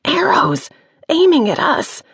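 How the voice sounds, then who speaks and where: Woman putting on a breathless little girl mage, way higher than her own low voice, dry close audiobook sound. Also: big pitch swings, slightly rough, dry recording. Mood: frantic. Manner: breathless, high and quick. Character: young girl mage apprentice, frantic and brave.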